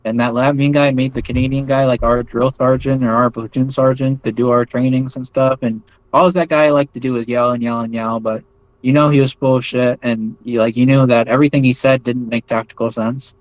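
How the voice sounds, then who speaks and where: A man's voice: mid-range voice, fairly even intonation, fairly quick, dry recording, low-quality recording. A man with an American accent telling a long story as an interview guest, casual and rambling, full of fillers and restarts. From United States. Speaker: interview guest recounting experiences.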